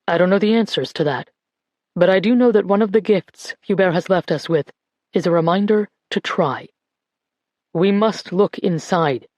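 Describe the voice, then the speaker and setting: A woman voicing a grieving man who gives a slow, measured eulogy at a church funeral. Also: lowish voice, darkish tone, no room sound, natural voice. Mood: solemn, reflective. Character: grieving grandson giving a church eulogy, male adult.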